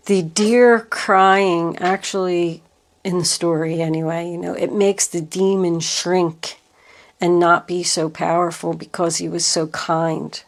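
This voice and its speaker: A woman giving a tarot reading to camera, slow and reassuring as she talks through the cards. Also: lowish voice. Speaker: tarot reader.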